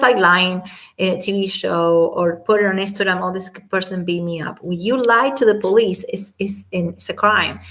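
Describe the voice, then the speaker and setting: A woman's voice: medium pitch, creaky, a bit bright. A woman giving casual, indignant commentary, talking emphatically and often repeating herself. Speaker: commentary vlogger.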